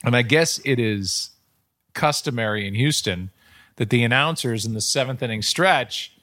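A middle-aged man hosting a podcast, telling stories in an animated, casual way. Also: medium pitch, moderate pace. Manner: animated storytelling, acts out quotes. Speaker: podcast host. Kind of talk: casual chat.

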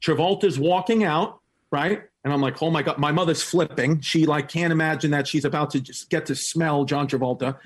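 In a relaxed podcast chat, a male guest comedian tells a lively story at a brisk pace with a breathy edge. He laughs a lot, and his pitch leaps upward whenever he quotes someone.

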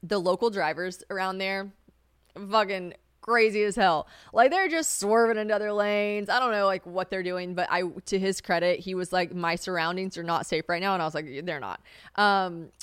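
A young woman hosts a casual solo podcast in a smooth, somewhat bright voice at a moderate pace, chatting, laughing and swearing freely while acting out others' quotes in a high voice. The sound is clean studio with no room tone.

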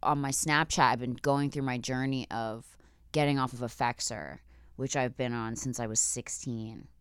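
A woman's voice: a bass voice, fairly even intonation, fairly bright tone, clean tone, no echo, clean studio sound. A woman hosting a casual podcast chat, teasing her guest and laughing often. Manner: laughing, playful, quick to tease. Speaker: podcast host.

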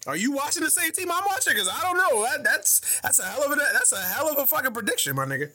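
A man's voice: very high voice, sing-song, quick pace, bright, forceful tone. A man co-hosting a casual sports talk show, delivering an incredulous, profane rant. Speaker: podcast co-host.

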